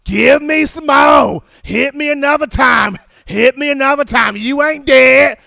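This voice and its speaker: A man putting on a fired-up male strength coach who barks taunts in a raised, high-pitched yell. The voice is loud and pushy, hammering his players without letup. It sits in a close, dry sound. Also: measured pace, vocal fry, dry recording, heavily acted. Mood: shouting. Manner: shouting, taunting, hyped up.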